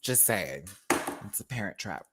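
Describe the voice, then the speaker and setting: Over heavy background noise, an American man with a low voice speaks unhurriedly. Hosting his own channel, he reviews a show in a casual live-stream rant, animated, sassy, and jokey, with laughs.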